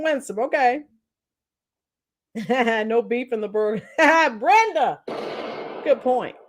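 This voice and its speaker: A chatty woman with a high voice hosts a live stream and talks casually to her viewers. She greets them by nickname, reads their comments aloud and laughs often. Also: a bit bright.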